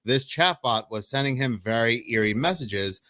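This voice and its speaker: A man's voice: mid-range voice, expressive, normal speed, sharp tone, dry recording, studio quality. A man hosting a news commentary channel, reading articles and chat logs aloud in a plain voice.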